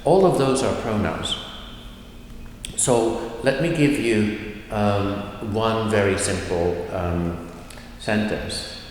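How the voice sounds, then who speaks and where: A male language teacher giving a lesson, saying example sentences slowly and then going through each word. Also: lowish voice, a little hiss or hum. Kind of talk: slow explanatory lesson. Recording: echoey room with long reverb.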